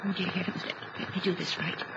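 A frantic young wife who stammers and pleads, played by an actress. Her high voice swoops widely and drags slowly. The old radio recording is dull and hissy. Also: sing-song, heavily acted. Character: frantic young wife talked through emergency surgery. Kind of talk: old radio drama acting.

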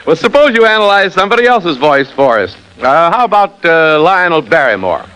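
A man hosts a 1940s radio interview, delivering scripted banter with wisecracks. His voice is bright and a little high. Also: big pitch swings, a little fast, clear, resonant tone, low-quality recording. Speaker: radio host.

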